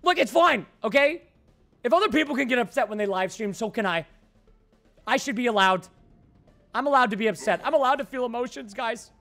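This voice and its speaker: Excitable high-voiced man streaming a game. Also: fairly quick, gravelly, soft background music. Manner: excitable, shouts in frustration, jokey banter. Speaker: gaming livestreamer. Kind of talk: casual gaming livestream commentary.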